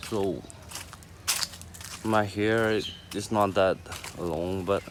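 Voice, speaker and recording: Young male vlogger, very low voice, unhurried and halting, filmed outside, birds and noise in the background. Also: steady tone. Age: young adult. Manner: slow, halting, earnest, with short phrases. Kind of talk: casual vlog chat. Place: outdoors on an open campus ground. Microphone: handheld camera while walking. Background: outdoor ambience with birds.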